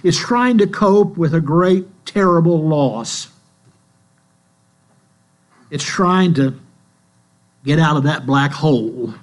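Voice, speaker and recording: An older man preaching a sermon in a church, telling stories in a slow, earnest way. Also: on the high side, animated. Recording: mains hum in the background.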